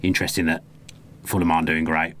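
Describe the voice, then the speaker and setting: Fast-talking deep-voiced man. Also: level tone, a bit bright. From Birmingham, England. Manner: leads the talk, teasing asides. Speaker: podcast host. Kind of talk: casual football chat. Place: podcast booth.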